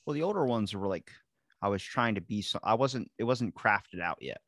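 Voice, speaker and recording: A man's voice: lowish voice, no echo. A man with a Baltimore accent hosting a podcast, chatting casually and swearing as he tells stories. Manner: fast, swearing, animated storyteller. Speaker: podcast host.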